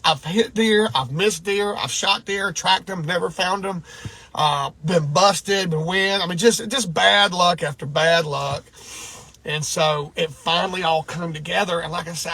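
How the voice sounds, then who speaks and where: A man's voice: high voice, creaky, bright, forceful tone, breathy edge. A middle-aged man from Georgia, telling a hunting story in a rambling, choked-up way. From Georgia, USA. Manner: rambling, restarts and repeats himself, choked up. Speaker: deer hunter. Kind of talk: emotional storytelling vlog.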